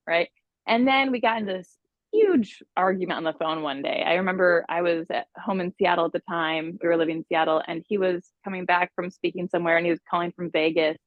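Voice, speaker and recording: Woman relationship coach, podcast guest, expressive conversational delivery; dry, slightly dull recording. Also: on the low side, fairly quick, no room sound.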